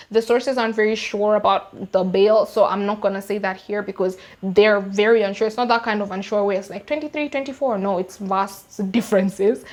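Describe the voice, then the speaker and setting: A young Kenyan woman with a Kenyan English accent recounting a true-crime case in an animated, slangy, emphatic way. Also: mid-range voice. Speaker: YouTuber. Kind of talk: true-crime storytime vlog.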